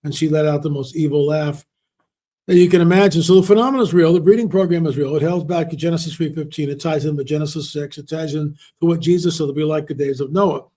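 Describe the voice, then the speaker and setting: This interview guest, an author and researcher, has a fairly high male voice with a dark tone, talking fast and with fairly even intonation. He tells his stories with emphasis and repeats words to stress points in relaxed interview conversation.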